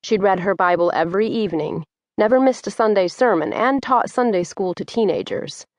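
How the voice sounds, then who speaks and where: A woman reading an audiobook in measured, descriptive scripted narration. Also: mid-range voice, no echo, studio quality.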